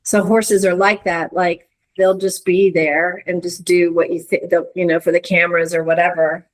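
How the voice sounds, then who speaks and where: A middle-aged woman, a guest in a conversation, telling a reflective story with many restarts and searching pauses. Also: on the low side, level tone, rough recording. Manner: earnest, searching, lots of hedges and restarts. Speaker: interview guest.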